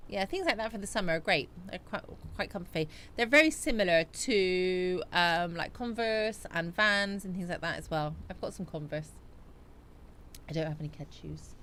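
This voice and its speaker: Lively, chatty woman streamer. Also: mid-range voice, a little hiss or hum. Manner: chatty, reads out and answers viewer comments. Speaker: live-stream host. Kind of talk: casual live chat.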